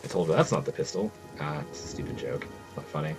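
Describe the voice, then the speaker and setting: A man with a very low voice chats casually to his viewers during a live game stream. He talks loosely and reads the game's text aloud as he goes. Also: expressive, quick pace, faint music behind.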